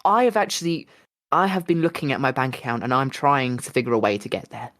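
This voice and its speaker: A man co-hosting a casual podcast chat, telling stories in an excitable, gushing way with lots of restarts. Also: mid-range voice, fast, dry recording, clean studio sound. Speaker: podcast co-host.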